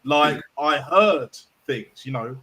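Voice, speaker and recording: A man on a call-in chat, halting and repeating himself as he talks. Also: fairly high pitch, expressive, crowd noise. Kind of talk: casual chat.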